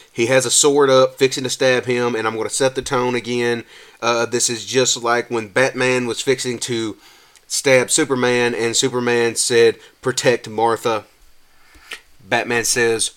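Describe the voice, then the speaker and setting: Rambling man ranting about a movie. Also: clean tone. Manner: rambling, restarts often, gets animated and higher when exasperated. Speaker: podcast host reviewing a movie. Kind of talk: casual rant.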